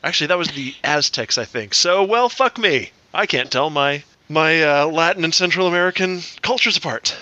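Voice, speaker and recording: A man's voice: fairly high pitch, lively intonation, moderate pace, few pauses, pushed and bright, dry recording, lo-fi sound. A man co-hosting a comedy podcast, reading listener jokes in a crude, joking way. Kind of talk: casual comedy podcast chat.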